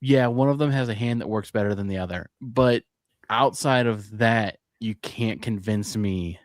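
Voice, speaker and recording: A man's voice: fairly low pitch, moderate pace, no echo. Playful, tired man on a dry mic. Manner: playful, jumps in singing song lines. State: tired, up since early morning. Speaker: podcast co-host. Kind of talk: casual chat.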